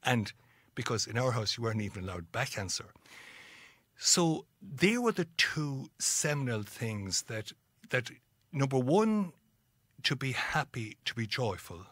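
Husky Irish man telling stories. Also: medium pitch, unhurried, no echo. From Ireland. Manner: animated storyteller, acts out quoted voices. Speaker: guest. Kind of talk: storytelling interview.

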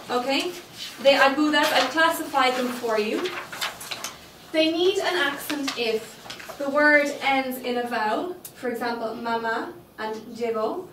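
Patient woman teacher with a high voice, recorded from the back of an echoey classroom. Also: a bit bright, a little hiss or hum. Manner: patient, checks understanding with frequent okay. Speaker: Spanish teacher. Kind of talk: classroom lesson. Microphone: distant room microphone. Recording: echoey classroom, mic far off.

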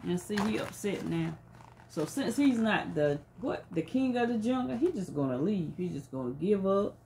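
A woman reading a storybook aloud to children, pausing to ask them coaxing, leading questions about feelings. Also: mid-range voice, lively intonation, vocal fry, darkish tone, slight background noise.

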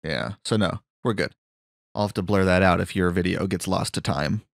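Low-voiced rambling man at play. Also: moderate pace, gravelly, no echo, clean studio sound. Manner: rambling with lots of fillers and restarts. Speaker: co-host playing a video game. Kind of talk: casual gameplay commentary.

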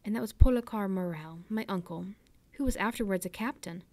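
A woman's voice: medium pitch, fairly quick, darkish tone, no room sound, lightly acted. Eager, kindly old ship owner, rising with interest, read aloud by a woman, dry close sound. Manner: eager, questioning. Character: warm older male ship owner.

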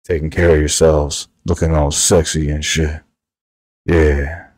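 Deep, sultry male crooner in close-mic flirt mode, put on by a man. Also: slow, darkish tone, breathy edge, heavily acted. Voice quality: deep, mouth right on the mic. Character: sultry deep-voiced male seducer, smooth.

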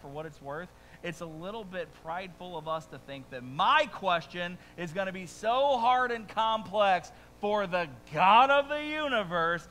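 A middle-aged male pastor preaching a sermon in a playful, self-mocking way, joking with the congregation and swinging between hushed asides and loud bursts. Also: high-pitched, slight background noise, rough recording.

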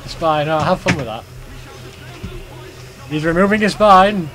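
Chatty young man gaming, slightly high voice. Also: a little slow, over music. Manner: chatty, laughs often, eager to react to the game. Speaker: let's play co-host. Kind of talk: casual gaming banter.

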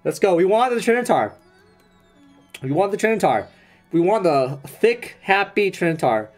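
A young man live-streaming a card pack opening, chatting excitedly with viewers and swearing casually. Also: sits high, faint music behind. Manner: excitable, swearing, quick asides to chat. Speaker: streamer opening trading cards.

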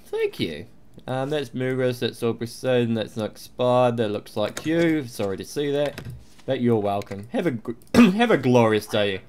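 A man's voice: mid-range voice, expressive, takes it slowly, a little mellow, a little hiss or hum. A man giving playful, mock-official gameplay commentary, humming to himself and swearing now and then. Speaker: let's play host.

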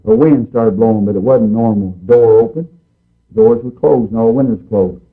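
A man's voice: fairly low pitch, moderate pace, soft background music. A man preaching a fervent sermon in a folksy, emphatic way, repeating his points over and over. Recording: tinny phone-like recording.

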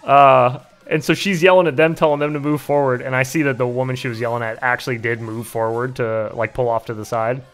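A man's voice: mid-range voice, steady tone, brisk, hardly any pauses. A man in his thirties hosting a casual livestream, telling a story with laughs and swearing. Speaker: livestream host.

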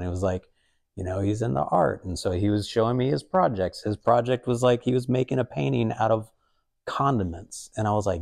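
A man's voice: lowish voice, a little fast, creaky, a little mellow. A young adult man, an artist, talking casually in a museum gallery, rambling with lots of fillers and quoted asides. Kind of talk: casual conversational talk.

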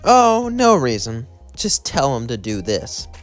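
A man's voice: medium pitch, wildly swooping pitch, slow pace, no echo, faint music behind. A man doing a ruthless female angel lieutenant. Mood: scheming.

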